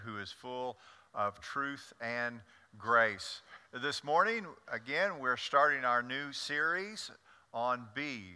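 A man preaching a sermon to his congregation as their pastor, telling stories with an animated delivery and often stumbling over repeated words. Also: mid-range voice, clean tone. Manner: animated storytelling with frequent stammered repeats. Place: church sanctuary. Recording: long church reverb.

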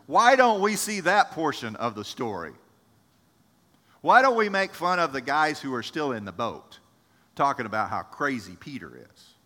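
A man preaching a sermon as pastor, animated, acting out the voices of people in the story. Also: a little high, normal speed, in a large hall.

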